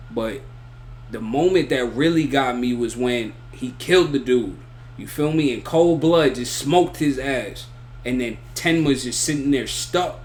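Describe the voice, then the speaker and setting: A man's voice: mid-range voice, slight background noise. A man giving a casual, rambling spoken review of an anime, full of slang and repeated "you feel me" and "bro". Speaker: anime reaction YouTuber.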